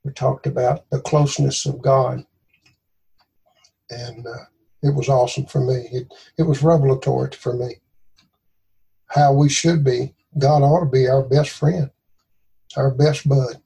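Gravelly Southern man, folksy devotional talk. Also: medium pitch, fairly even intonation, unhurried, long pauses, mellow. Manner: folksy, conversational, earnest.

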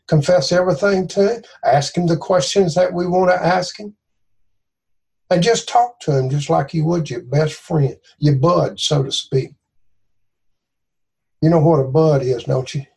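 A man's voice: on the high side, a little slow, creaky, darkish tone, breathy edge. A man with a Southern US accent giving an informal devotional talk in a folksy, earnest, conversational way.

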